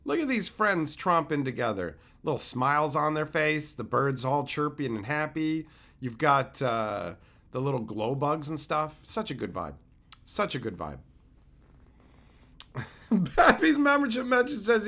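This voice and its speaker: A man's voice: a little high, very animated, measured pace, a bit bright. A man streaming casually as he opens card packs, joking crudely and chatting with his viewers. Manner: jokey and crude, chats with viewers. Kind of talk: casual live-stream commentary.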